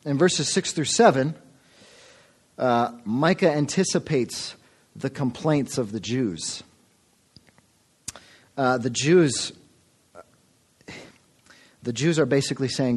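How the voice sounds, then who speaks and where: A man's voice: mid-range voice, slow pace, long pauses, breathy edge. Earnest man preaching a sermon. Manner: earnest, addresses the congregation as folks. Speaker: pastor.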